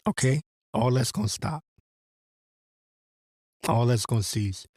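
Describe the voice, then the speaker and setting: A man's voice: mid-range voice, measured pace, a little mellow, no echo. Guy ranting about scripture, cussing a lot, rambling, dry close sound, mid voice. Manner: profane, preachy, rambling. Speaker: religious commentator. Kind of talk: ranting monologue with scripture reading.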